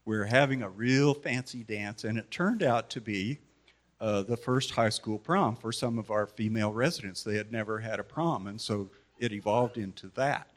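A man's voice: lowish voice, normal speed. Man telling memorial anecdotes. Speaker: community member giving a tribute. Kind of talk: memorial tribute speech.

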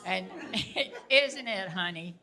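An older woman teaching in a casual way, telling personal stories in an animated manner and laughing often. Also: medium pitch, very slow, crowd noise.

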